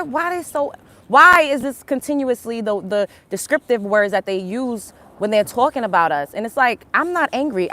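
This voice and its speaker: A young woman with an African American Vernacular English accent holds forth on her livestream in a confrontational rant. Her voice sits a little high. She hammers at her points with rhetorical questions, repeating them again and again. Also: pushed and bright. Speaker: livestream host.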